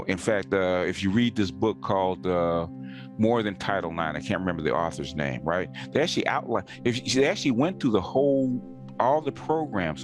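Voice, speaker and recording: A man with a very low voice talks in a casual, insistent way, repeating words to drive his points home. Clear music runs under the conversation.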